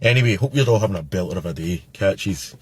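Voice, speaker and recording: A man's voice: low-pitched, lively intonation, fast, slight background noise. A Scottish man ranting in a casual, exasperated vlog.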